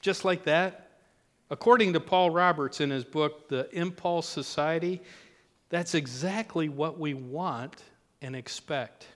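A man's voice: a little high, measured pace, long reverb tail. A man preaching a sermon as pastor in a church, talking in a conversational way with joking asides.

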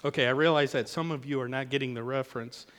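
A man's voice: medium pitch, steady tone, fast, a bit bright, clean tone, in a large hall. A man preaching a sermon as pastor in a church, talking in a conversational way with joking asides.

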